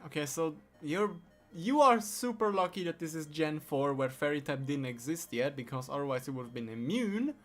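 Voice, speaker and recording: A man's voice: fairly high pitch, animated, moderate pace, few pauses, soft background music. Teasing, exasperated male game streamer. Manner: teasing, exasperated, swearing, laughing at the AI. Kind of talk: live-stream gaming chat.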